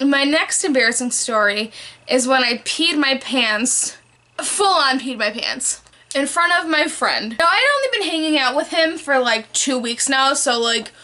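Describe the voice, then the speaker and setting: A woman's voice: high-pitched, expressive, unhurried, bright, forceful tone. A teenage girl starting a story in casual chat with friends, in a matter-of-fact way.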